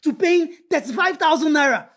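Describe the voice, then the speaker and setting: A woman's voice: high voice, lively intonation, a little fast, fairly bright tone. An actress playing a blunt woman friend who firmly refuses to lend money. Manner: scolding, firm.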